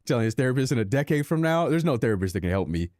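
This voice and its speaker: A man's voice: mid-range voice, big pitch swings, racing, darkish tone, no room sound, studio quality. A young man streaming a racing game, chatting with his viewers in a sarcastic, self-deprecating, rambling way. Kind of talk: casual live-stream chat while gaming.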